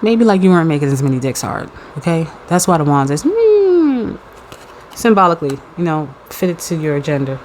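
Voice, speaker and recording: Woman, tarot reader, low voice, excitable, playful, slangy, swears, casual reading. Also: moderate pace, a little hiss or hum, poor audio.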